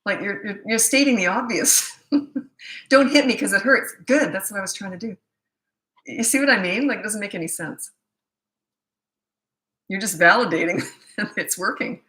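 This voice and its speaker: A woman's voice: medium pitch, normal speed, long pauses, bright, forceful tone. A middle-aged woman parenting coach answering questions bluntly, with no filter and a habit of laughing at herself. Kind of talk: live Q&A answering viewer questions.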